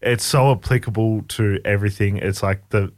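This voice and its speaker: A man's voice: on the low side, steady tone, moderate pace. A man on a radio show, talking casually and hesitantly with many fillers. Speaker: radio co-host.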